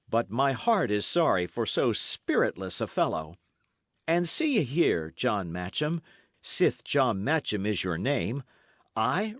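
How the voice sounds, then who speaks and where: A man voicing a bold, cheerful young squire who speaks loudly and forthrightly in an old-fashioned storybook tale. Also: mid-range voice, no room sound, clean studio sound, pitched above the performer's own voice. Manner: loud, hearty, forthright.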